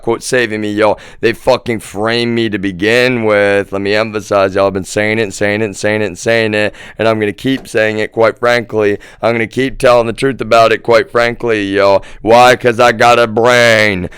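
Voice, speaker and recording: A man's voice: fairly low pitch, smooth, no room sound, clean studio sound. A man ranting on a livestream, profane and repetitive, hammering his points and calling out to listeners. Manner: keeps addressing listeners as "y'all".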